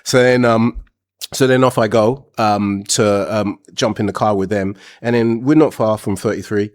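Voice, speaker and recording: A man with a fairly low-pitched voice tells a long personal story on his show. His delivery is blunt and unfiltered, and he rambles from one detail to the next in a casual, chatty way. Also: steady tone, moderate pace. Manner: frank, blunt, rambling anecdotes.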